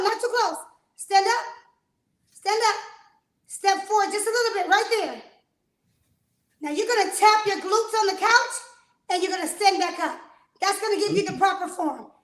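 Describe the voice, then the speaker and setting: A woman's voice: very high-pitched, moderate pace, pauses often, fairly bright tone, echoey room. A woman fitness trainer, out of breath, energetically coaching a live workout, counting reps and calling out commands.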